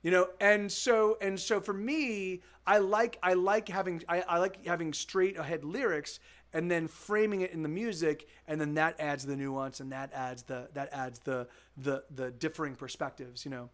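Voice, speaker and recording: A man's voice: on the high side, steady tone, normal speed, fairly bright tone. A man who is a musician, chatting casually on a live stream, rambling and restarting his sentences, laid-back and profane. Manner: rambling, with many restarts and repeated words. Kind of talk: casual chat.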